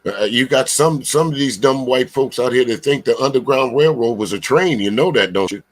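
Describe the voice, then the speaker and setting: A man talks back at a clip in a casual reaction commentary. He is blunt and emphatic, swears freely, and keeps stumbling over drawn-out filler sounds between points. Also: mid-range voice. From Charleston, South Carolina.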